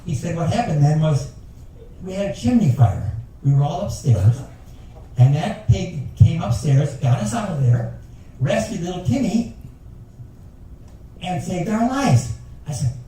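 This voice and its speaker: A man's voice: high voice, sing-song, measured pace, pauses often, warm tone, a little hiss or hum. An older man telling folksy, rambling jokes at a passenger talent show. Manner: folksy storyteller with rambling asides. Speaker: talent show joke teller. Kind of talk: stand-up joke telling. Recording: echoey room taped from far off.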